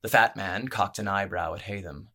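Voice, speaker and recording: Low-voiced male fantasy narrator. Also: moderate pace, bright, forceful tone. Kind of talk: scripted audiobook narration.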